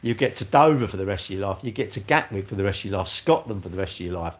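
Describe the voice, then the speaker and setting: Deep, expressive and quick, the voice belongs to an older English man hosting a casual livestream. He reads out what viewers write and shoots back cheeky, blunt answers, tossing around "mate" and "innit."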